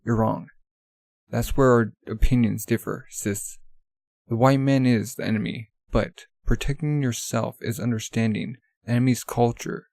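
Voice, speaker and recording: A man reading as a calm stubborn young runner. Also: mid-range voice, gravelly, no room sound, clean studio sound, natural voice. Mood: calm resolve. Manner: measured and explaining.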